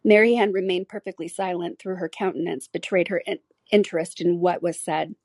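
Woman reading an old novel audiobook, calm and even, dead dry sound. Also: on the low side, normal speed, no echo. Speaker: audiobook narrator. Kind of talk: scripted narration of a classic novel.

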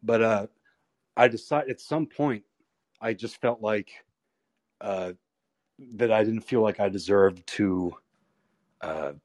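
A lower-pitched man in his thirties tells wrestling stories in a loose, rambling way. He swears freely and acts out the other people in his anecdotes. The recording is dry and close, with no room sound. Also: takes it slowly, pauses often, no echo. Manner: rambling, profane, animated retellings. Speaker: pro wrestler guest. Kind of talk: candid storytelling interview.

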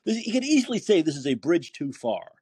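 Very animated and brisk, this man's fairly high voice is mellow and husky, captured with no echo. He hosts a political call-in podcast where he rants with indignation, swears, asks rhetorical questions, and reads listener posts aloud as political commentary.

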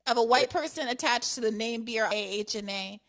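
A woman's voice: fairly high pitch, fairly quick, a bit bright. A woman hosting a call-in podcast, chatting casually with callers and laughing often. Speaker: podcast host taking calls.

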